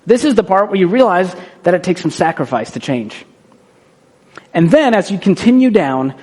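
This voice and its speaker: A man with a high, light voice delivers a motivational talk. He speaks in short, punchy lines and keeps it conversational, checking in with the listener by asking "right?". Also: big pitch swings, moderate pace, a little mellow, breathy edge. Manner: acts out quoted voices for effect.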